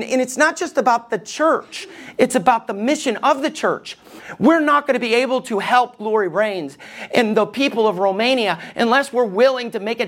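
A man's voice: extremely high pitch, a bit bright. Male pastor preaching, chatty and sarcastic, keeps asking the room if they follow him. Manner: conversational, joking, checks in with the congregation. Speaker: lead pastor. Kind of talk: sermon.

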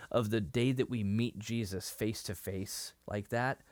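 A man's voice: on the low side, a little slow, no echo. A man co-hosting a podcast, retelling a TV episode with feeling, full of fillers and restarts. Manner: emotional, animated retelling with many fillers and restarts. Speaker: podcast co-host. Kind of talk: casual discussion of a TV episode.

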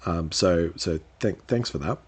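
His voice sits low, darkish and husky, and he speaks a little slowly. As co-host of a casual podcast chat, he rambles through answers, piling on fillers and restarts, and laughs easily.

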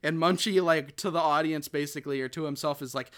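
Bright-voiced man rambling through a film recap. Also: a little high, fairly even intonation, fast talker. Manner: rambling, full of fillers and restarts, quotes characters. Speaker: podcast host. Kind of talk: casual chat recapping a film.

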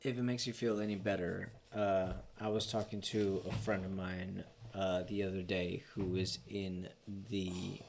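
A drunk podcast co-host chatting casually in a low, gravelly voice. He talks hesitantly and fills his pauses with ums and uhs. He swears now and then. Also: fairly bright tone, a little hiss or hum. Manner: hesitant with many fillers, swearing.

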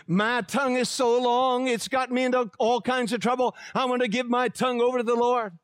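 A man's voice: very high-pitched, fairly even intonation, fairly quick, a bit bright, clean tone, dry recording, voice pushed up. A man voicing an earnest woman who comes forward at an altar to confess her troubles, speaking in a pleading way.

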